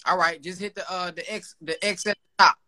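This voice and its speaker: A man's voice: high voice, steady tone, fairly quick, pushed and bright, no echo. A man hosting a casual livestream, talking in a loose, joking, slangy way to callers. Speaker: livestream host selling an online course. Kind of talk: casual live-stream chat.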